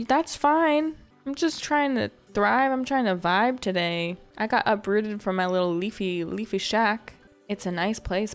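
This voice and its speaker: A woman playfully commenting while she plays a cozy game, jokey and chatty. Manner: playful, jokey, high squeals when surprised. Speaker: gaming video host. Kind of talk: casual game playthrough commentary. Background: faint game music.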